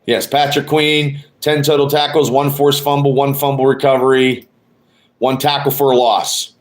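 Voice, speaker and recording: A man's voice: mid-range voice, flat delivery, normal speed. Profane rambling man on a live stream. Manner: rambling, profane, trash-talking. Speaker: podcast host. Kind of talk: casual live-stream chat.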